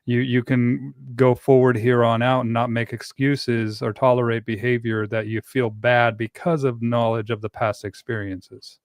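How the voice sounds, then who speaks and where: A man hosting a casual podcast conversation about dogs, relaxed and conversational, reading out listener comments. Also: medium pitch, normal speed, hardly any pauses, no echo, studio quality. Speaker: podcast host.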